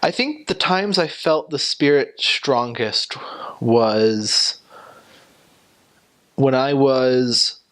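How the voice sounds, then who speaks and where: A man's voice: medium pitch, drawn-out words, pauses often, a bit bright. A young man talking casually about his time as a missionary, rambling and hesitant, with many fillers and restarts. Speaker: returned missionary.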